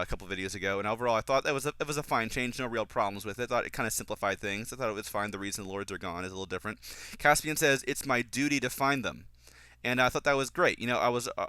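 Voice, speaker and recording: Guy doing casual movie commentary, bright clear voice, super opinionated, gets worked up. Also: lowish voice, dry recording. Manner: opinionated, flares into exasperated ranting. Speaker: film commentator. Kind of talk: casual fan film commentary.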